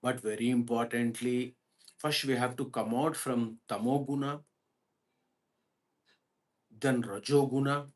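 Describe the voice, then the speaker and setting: A man's voice: mid-range voice, fairly even intonation, measured pace, long pauses. A man, a spiritual teacher telling a parable in a sermon and putting questions to his listeners. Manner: asks the audience questions while telling a parable. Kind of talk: storytelling sermon.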